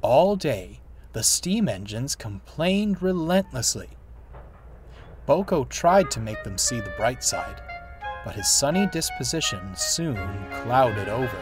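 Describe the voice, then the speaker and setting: Unhurried man reading a storybook. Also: medium pitch, big pitch swings. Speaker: narrator. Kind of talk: storybook narration. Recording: music playing behind the voice.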